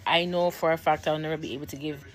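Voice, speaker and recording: A woman's voice: low voice, steady tone, quick pace. A woman from Jamaica, chatting casually and enthusiastically about videos she enjoys watching. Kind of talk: casual commentary.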